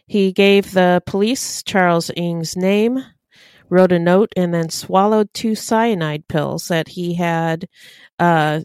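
A woman co-hosting a true-crime podcast, reading case notes in a steady, matter-of-fact way. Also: lowish voice, takes it slowly, smooth, dry recording, clean studio sound. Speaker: podcast co-host.

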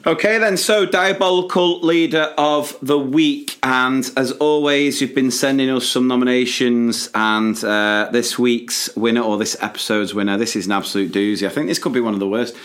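Guy, teacher podcast co-host, talks fast and gets riled up, laughs a lot. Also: mid-range voice. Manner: animated, venting, laughs often. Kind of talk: casual podcast chat.

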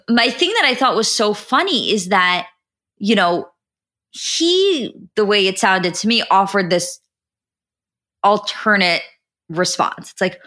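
Bright-voiced chatty woman podcast host. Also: medium pitch. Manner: animated, fills talk with "like", swears. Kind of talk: casual recap chat.

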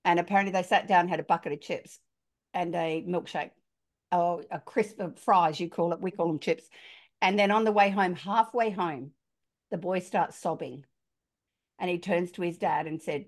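A middle-aged woman with an Australian accent, speaking as a parenting author on a podcast and telling animated stories with voiced dialogue. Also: low-pitched, normal speed. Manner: animated storyteller, acts out quoted dialogue. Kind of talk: conversational podcast storytelling.

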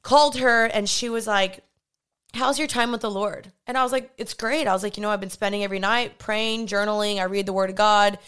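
A woman's voice: mid-range voice, fairly quick, clean tone. A young woman hosting a podcast, telling a personal story in a candid, chatty way and acting out what people said. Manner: candid, chatty, animated storytelling with acted-out quotes. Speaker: podcast host. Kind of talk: personal faith-based podcast monologue.

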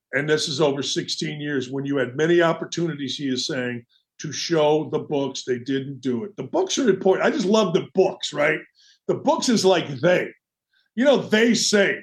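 A man's voice: a little high, moderate pace. A man hosting a sports talk show, delivering a brash, opinionated monologue with mocking asides. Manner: brash, animated, mocking asides and quoted voices.

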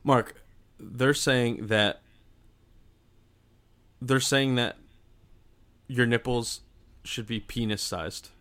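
Male podcast co-host, bright and forceful tone, blunt and argumentative in casual chat. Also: medium pitch, fairly even intonation, very slow, long pauses. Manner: blunt, argumentative, laughs at own jokes.

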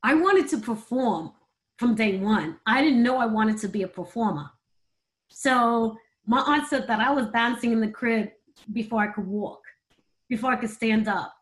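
A woman's voice: on the high side, normal speed. A middle-aged woman guest in an interview, telling personal stories in an earnest, emotional way and laughing easily. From United States. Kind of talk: candid interview storytelling.

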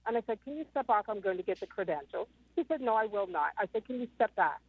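A woman in her fifties calls in, speaking quickly in a mid-range, breathy voice with lively intonation and no room sound. Her retelling rambles and is peppered with ums, heard over a tinny phone line.

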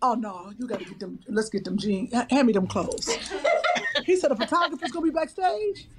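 High-voiced animated woman, playful. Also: a little fast, very noisy. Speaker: talk show co-host. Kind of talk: casual chat on a phone or video call.

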